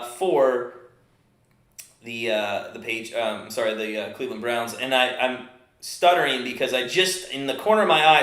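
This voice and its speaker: A man's voice: mid-range voice, sharp tone, reverberant. A young man doing casual live play-by-play for a watchalong stream, chatty, often stumbling over names with fillers and restarts.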